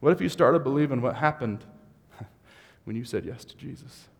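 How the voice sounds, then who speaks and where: A man's voice: mid-range voice, expressive, moderate pace, vocal fry. Impassioned male pastor in a reverberant hall. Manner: builds from conversational to impassioned shouting. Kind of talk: sermon.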